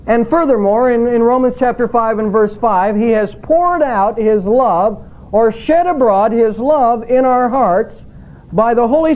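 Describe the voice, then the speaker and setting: A middle-aged male pastor preaching a sermon in a measured way, slowing down when he quotes scripture. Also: extremely high pitch, darkish tone, lo-fi sound.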